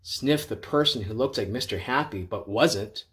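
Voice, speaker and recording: A man reading a children's storybook aloud, expressive and playful with repeated words. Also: medium pitch, moderate pace, breathy edge.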